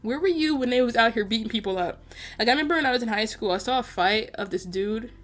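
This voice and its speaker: A woman's voice: a little high, animated, fast. A young woman chatting casually to camera as a vlogger, rambling and exasperated, packed with filler words. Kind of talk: casual chat over gameplay.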